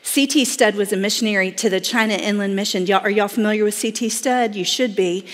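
A woman's voice: medium pitch, a little fast, in a large hall. A woman from Florida with a Southern accent, giving a folksy church talk and addressing the audience directly. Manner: folksy, talks straight to the audience with many "y'all". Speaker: pregnancy center director speaking at church.

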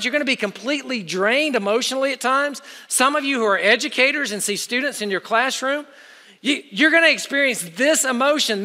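High, bright preacher in a long-echo hall. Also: male voice. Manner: urgent exhortation, swinging between loud pushes and quiet asides. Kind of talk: sermon.

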